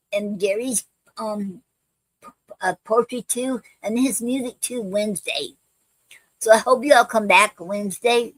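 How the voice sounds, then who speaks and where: A woman's voice: on the high side, no echo, rough recording. A woman hosting a poetry livestream, chatting casually with many ums and restarts and calling her viewers family. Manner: affectionate toward viewers, calls them fam.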